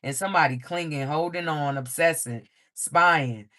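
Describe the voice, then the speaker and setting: A man giving a livestream tarot reading to his viewers in a loose, profane, animated way, laughing often and ending many lines with "okay?". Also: fairly high pitch, normal speed. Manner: profane, frequent "okay?" check-ins. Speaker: tarot reader.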